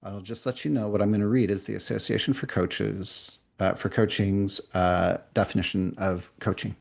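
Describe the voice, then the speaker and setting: Low-voiced man teaching an online workshop. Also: fairly even intonation, creaky. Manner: conversational, playful, reads slowly for dictation. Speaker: coaching trainer. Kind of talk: live online workshop instruction.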